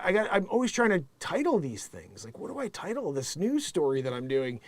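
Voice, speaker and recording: An animated male host delivering a joking live-stream monologue, his voice high and swinging widely between loud bursts and quiet asides. The sound is dry and close, with almost no room echo. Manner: animated, joking, self-promoting.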